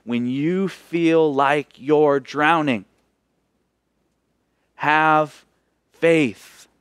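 Expressive higher-voiced male pastor. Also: very slow, smooth, no room sound. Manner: expressive preaching, swinging between emphatic and hushed. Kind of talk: sermon.

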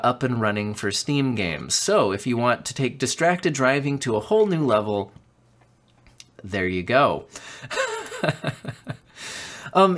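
A man's voice: medium pitch, a bit bright. A man hosting a casual tech news rundown while he has a cold, chatty with frequent ums and self-corrections, on a studio microphone. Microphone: studio condenser mic.

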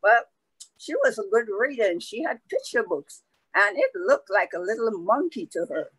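A woman telling a folk tale aloud in a slow, conversational way, with asides to her listeners. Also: mid-range voice, big pitch swings, slightly rough, no room sound, low-quality recording. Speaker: storyteller. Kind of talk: oral folk storytelling.

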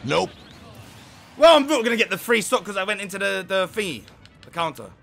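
A young man commentating his own online matches, swinging from muttered grumbles to sudden shouts. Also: high-pitched, animated, fast talker, gravelly, faint music behind. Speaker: gaming YouTuber. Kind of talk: live gameplay commentary.

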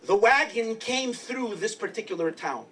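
High-voiced rabbi telling stories from afar. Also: male voice, expressive, normal speed, pushed and bright, far from the mic, poor audio. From New York. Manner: chatty, humorous storyteller. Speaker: rabbi and lecturer. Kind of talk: storytelling Hasidic lecture. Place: lecture hall at a congress.

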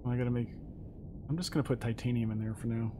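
A man's voice: medium pitch, fairly even intonation, fast, noisy background. A man casually commenting as he plays a survival video game, thinking aloud about each move. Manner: chatty, thinking aloud while playing. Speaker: gaming streamer.

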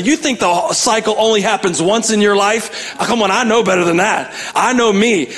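Pastor guy giving a sermon, kinda high voice, says stuff over and over for emphasis, gets the crowd going. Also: expressive, moderate pace, fairly bright tone. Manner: emphatic, repeats phrases, calls out to the congregation.

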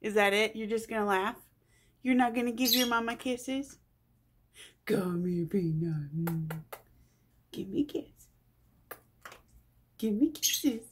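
A woman's voice: on the high side, slow pace, pauses often, noisy background. A woman filming her pet cockatoo on a phone at home, scolding it and cooing at it in playful baby talk. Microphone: phone held in hand.

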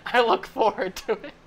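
A woman's voice: on the high side, breathy edge. A woman chatting playfully and giggling during a party game night. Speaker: game player. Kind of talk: casual game-night banter.

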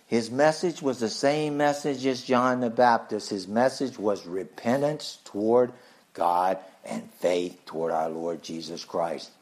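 A male pastor preaching a sermon emphatically, asking rhetorical questions and swinging his pitch widely. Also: darkish tone.

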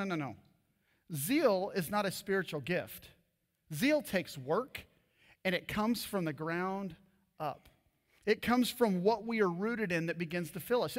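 Man, preacher, high-pitched, animated, storytelling, echoing church hall. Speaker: pastor. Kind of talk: sermon. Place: church auditorium.

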